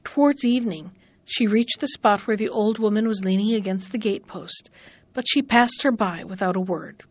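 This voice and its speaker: A woman's voice: medium pitch, no room sound, lo-fi sound. Woman reading a fairy tale aloud. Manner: measured, expressive reading. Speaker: narrator. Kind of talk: storybook narration.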